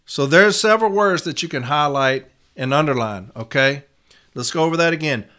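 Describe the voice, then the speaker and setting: A man's voice: fairly high pitch, normal speed, fairly bright tone, clear, resonant tone. A man giving an instructional talk as a union advocate, stressing single words and repeating them.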